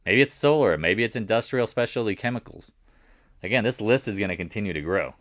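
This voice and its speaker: A man with a low, deep voice hosts a live market recap in a loose, chatty way. He gets excited and rambles, hopping from one thought to the next. The sound is dry and close, with no room echo. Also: fairly quick. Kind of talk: casual live stream commentary.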